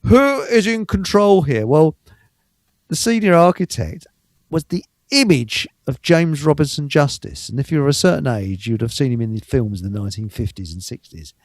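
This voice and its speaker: A man's voice: mid-range voice, animated, normal speed, darkish tone, no echo. An older man, host of a live stream, telling stories in a rambling, stammering way and chuckling often. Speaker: show host. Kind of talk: casual storytelling on a live stream.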